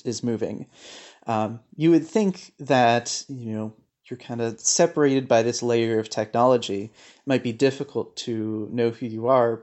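A man's voice: mid-range voice, a little mellow. A man, a researcher guest, explaining his work in a thoughtful, hesitant way. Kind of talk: interview explanation.

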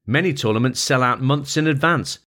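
A man narrating a long-form feature article as scripted narration, in a measured, even reading voice. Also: mid-range voice.

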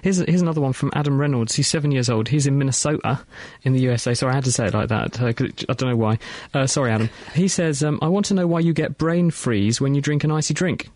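A man co-hosting a science radio show, reading out listener emails and explaining answers in a brisk, chatty way. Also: mid-range voice, a little mellow, no room sound.

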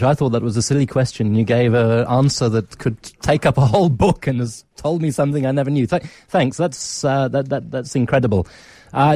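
A man's voice: mid-range voice, mellow, no room sound. A man with a British accent hosting a call-in radio show, friendly and a little hesitant, with fillers. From Nigeria. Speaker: radio talk show host.

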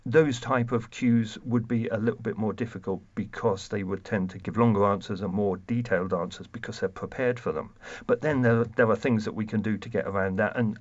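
A man with a lowish voice lays out research findings in a measured, explanatory way, now and then restarting a phrase. The recording sounds a little dull and lo-fi. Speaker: deception researcher guest. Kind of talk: expert explanation.

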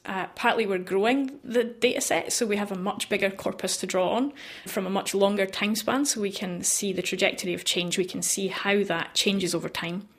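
A woman researcher explains her linguistics work in a radio interview. Her voice sits in a middle pitch, and she talks in a lively, explanatory way and laughs easily.

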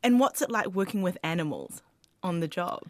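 A woman hosting an interview, prompting her guest with friendly questions and quick affirmations. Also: fairly low pitch, expressive, no room sound. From New Zealand. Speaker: radio host. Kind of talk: casual interview chat.

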